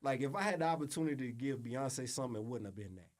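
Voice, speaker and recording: A middle-aged man speaks at an ordinary mid pitch, easygoing and casual. He tells his stories in an interview, dropping in swear words and repeated asides. The tone stays loose and conversational. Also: lively intonation, quick pace, no echo. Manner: laid-back, profane, often adds "you know what I'm saying". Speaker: music producer, interview guest.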